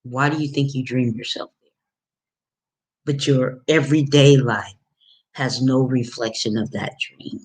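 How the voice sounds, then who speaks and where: A woman's voice: a bass voice, steady tone, measured pace, pauses often, darkish tone. A woman life coach giving an emphatic, preachy motivational talk, repeating phrases and dropping folksy pet names. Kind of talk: motivational video monologue.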